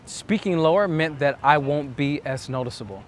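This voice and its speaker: A man's voice: fairly high pitch, lively intonation, moderate pace, a little hiss or hum. A man giving earnest, reflective dating advice as a coach, acting out the self-talk he describes. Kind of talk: instructional monologue.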